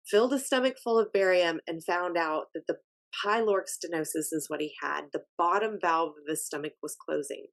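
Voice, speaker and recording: A woman hosting a podcast, telling a personal story in a casual, animated and emphatic way. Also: low voice, normal speed. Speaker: podcast host.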